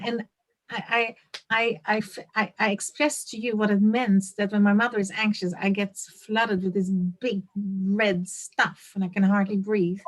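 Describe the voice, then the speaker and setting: A woman's voice: medium pitch, fairly bright tone. A woman trainee sharing feedback in a training session, earnest and hesitant, often restarting her sentences.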